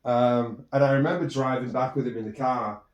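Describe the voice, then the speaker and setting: A man's voice: mid-range voice, fairly even intonation, brisk, recorded from a distance, muffled recording. Male solo podcaster, rambling storyteller, echoey room sound. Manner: rambling, with many restarts and fillers. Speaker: podcast host. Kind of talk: personal storytelling monologue. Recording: roomy echo.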